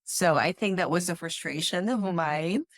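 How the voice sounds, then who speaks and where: A woman's voice: on the low side, moderate pace, dry recording, clean studio sound. A woman from the Philippines co-hosting a casual podcast chat, talking thoughtfully with frequent restarts. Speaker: podcast co-host.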